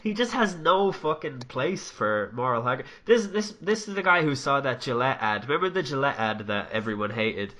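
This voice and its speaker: A man's voice: mid-range voice, normal speed, few pauses. A young man ranting and swearing his way through casual podcast chat. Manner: swears a lot, ranting and animated. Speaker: podcast co-host.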